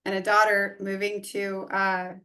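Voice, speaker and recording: With a mid-range voice and measured pace, a woman in her forties chats casually as a podcast guest. She is a real estate investor and coach, and she animatedly acts out quoted dialogue while telling a story.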